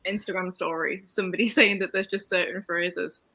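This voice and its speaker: A woman's voice: on the low side, steady tone, brisk, pushed and bright, poor audio. A woman with a Yorkshire accent chatting casually with friends and laughing often. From England, Yorkshire. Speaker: booktuber on a group call. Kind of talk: casual group chat.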